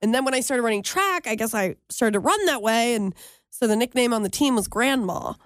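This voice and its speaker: A woman's voice: on the high side, lively intonation, fairly quick, a bit bright, no echo, studio quality. A woman co-hosting a podcast, chatting casually and laughing often. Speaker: podcast co-host. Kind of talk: casual chat.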